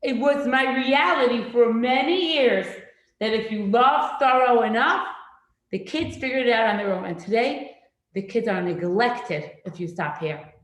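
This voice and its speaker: A middle-aged woman teaching a parenting class in a classroom, lively and acting out children's voices. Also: a little high, unhurried. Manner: animated, acts out children's voices. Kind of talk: classroom lecture. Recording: very echoey room.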